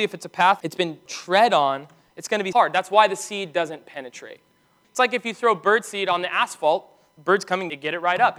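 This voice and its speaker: A man preaching a sermon as pastor, earnest and emphatic, slowing down to stress key commands. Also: high voice, a bit bright.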